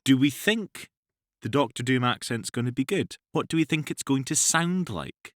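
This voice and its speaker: A man, a voice actor, co-hosting a casual podcast chat in an animated, ranting, jokey way. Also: medium pitch, moderate pace, dry recording, clean studio sound. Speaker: co-host and voice actor.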